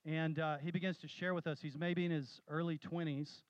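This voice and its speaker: A man preaching a sermon, telling stories with animated, rising emphasis. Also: fairly high pitch, a little fast, dry recording, lo-fi sound. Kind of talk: sermon with storytelling.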